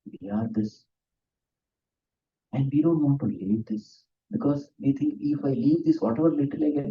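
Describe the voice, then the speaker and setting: A man, a swami giving a spiritual discourse, earnest and often laughing as he tells stories. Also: on the high side. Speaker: swami giving a scripture talk. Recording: distant, dull lo-fi room recording.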